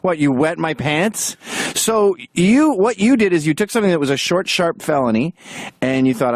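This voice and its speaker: A man hosting a comedy podcast, firing off quick wisecracks. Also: a little high, animated, dry recording, clean studio sound. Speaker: podcast host. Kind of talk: comedic banter.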